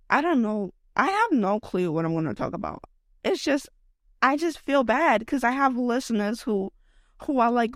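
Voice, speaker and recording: A woman's voice: medium pitch, dry recording, studio quality. A young woman hosting a solo podcast rant while sick, her voice worn by illness, rambling and emotional with lots of "like" and "okay?". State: unwell, voice affected by illness. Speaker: podcast host.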